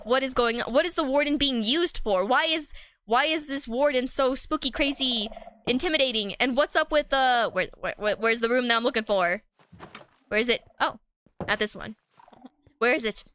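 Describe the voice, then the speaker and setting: A woman's voice: on the high side, normal speed, fairly bright tone, slight background noise. A woman streamer chatting casually while playing a game, rambling and giggly, with lots of fillers.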